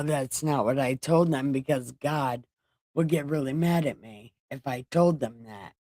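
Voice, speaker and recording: A woman's voice: low voice, takes it slowly, darkish tone, dry recording, studio quality. A woman hosting a casual live-stream Bible reading, irreverent and joking, with swearing. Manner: irreverent, joking, swears and laughs at her own jokes.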